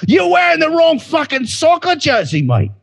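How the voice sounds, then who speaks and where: A man putting on a rough English football lout with a Cockney-like put-on accent, high and swearing. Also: huge pitch swings, normal speed, fairly bright tone, heavily acted. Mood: aggressive.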